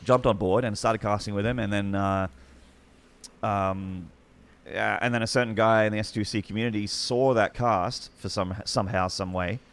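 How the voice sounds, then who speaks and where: Aussie male guest, husky-gravelly low voice, chatty, excitable storyteller. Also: moderate pace. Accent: Australian. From Australia. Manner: rambling, excitable anecdotes with many restarts. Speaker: podcast guest, esports commentator. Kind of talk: casual storytelling chat.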